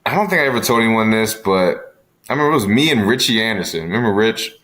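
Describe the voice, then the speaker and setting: A man's voice: fairly low pitch, lively intonation, fast talker, a bit bright. A man in his thirties co-hosting a podcast, chatting and telling stories in an easygoing way. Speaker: podcast co-host. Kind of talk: casual chat.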